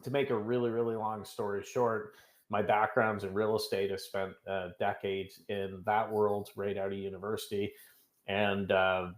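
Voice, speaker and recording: A man's voice: lowish voice, little pitch movement, normal speed, roomy sound. A middle-aged man from Canada, a guest in an interview, who tells stories in a chatty, self-joking way. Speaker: podcast guest, business coach. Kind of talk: casual interview talk.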